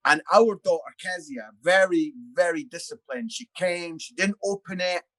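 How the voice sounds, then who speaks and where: Bright, high-voiced storyteller man. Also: normal speed. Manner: animated storyteller, self-mocking. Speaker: father. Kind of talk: casual chat.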